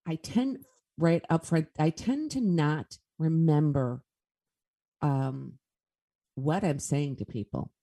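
A woman's voice: sits low, slow pace, creaky, dark tone. A woman speaking as a guest medium in a casual interview, telling stories in an earnest way.

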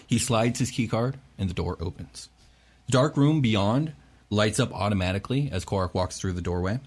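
Young guy running a tabletop game, lowish voice, lots of ums and laughs. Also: moderate pace, slightly rough. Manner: relaxed, laughs often, filler-heavy. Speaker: game master.

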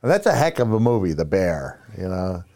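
Middle-aged man, low mellow tone, relaxed self-deprecating raconteur. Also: fairly quick. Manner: rambling, self-deprecating, frequent "you know" fillers. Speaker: podcast guest, retired wrestler. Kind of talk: casual storytelling chat.

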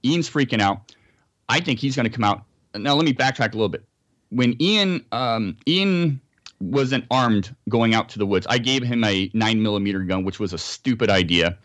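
A man's voice: on the low side, expressive, normal speed, fairly bright tone, dry recording. An American man, a podcast guest, telling a story in a casual interview and acting out sounds and quotes.

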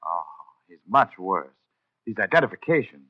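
An actor playing a smooth, scheming male doctor in a 1940s radio drama, soothing on the surface and menacing underneath. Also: on the low side, big pitch swings, moderate pace. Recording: dull lo-fi old radio broadcast.

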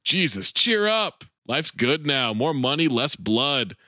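A man's voice: medium pitch, big pitch swings, slow pace, pushed and bright, no echo, clean studio sound, heavily acted. A man voicing a smug middle-aged crime boss in a breezy, mocking way.

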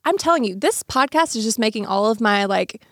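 A woman from Alabama co-hosting a podcast, playful and quick to laugh in casual chat. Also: fairly high pitch, expressive, no echo, studio quality. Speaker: podcast co-host.

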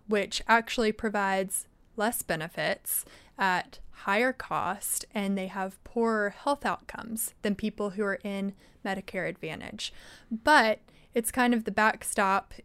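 Smooth-voiced woman explaining policy. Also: medium pitch, a bit bright. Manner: articulate, explanatory, measured. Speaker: think tank vice president, guest. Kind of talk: policy interview.

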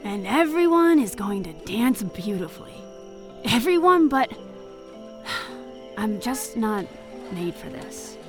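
A sulky young swan maiden from a fantasy audio drama, played by a woman, sighing and brooding. The voice sits high and swings widely, but the delivery is slow and heavy. Soft music plays underneath. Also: very animated. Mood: earnest. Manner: sulky, sighing, prone to frustrated outbursts. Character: gloomy young swan maiden who resents their fate.

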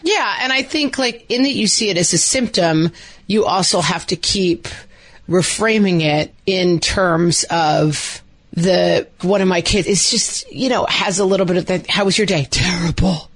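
A woman's voice: on the low side, unhurried. Chatty rambling woman podcast host. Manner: chatty, rambling, many fillers. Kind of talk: casual parenting podcast chat.

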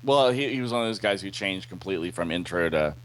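Low-voiced man recapping a comic aloud. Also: lively intonation, quick pace, a bit bright, clean tone. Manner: hesitant, many fillers, self-deprecating. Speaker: podcast co-host reading a comic aloud. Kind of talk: casual chat, reading comic dialogue aloud.

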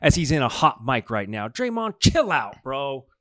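A man co-hosting a casual sports talk show, animated and laughing, given to mocking impressions. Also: mid-range voice, normal speed, dry recording, studio quality. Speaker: co-host.

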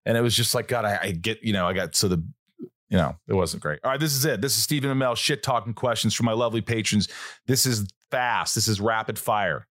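A podcast host from Southern Indiana, chatting loosely with a guest, joking and swearing. His voice sits a little low. The recording is dry and close-miked. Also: fairly quick, a bit bright, dry recording. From Southern Indiana, USA. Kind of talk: casual podcast chat.

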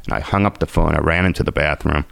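Man, podcast guest, emotional storytelling, very low voice, gravelly. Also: steady tone, fast, fairly bright tone, no room sound. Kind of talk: personal recovery story.

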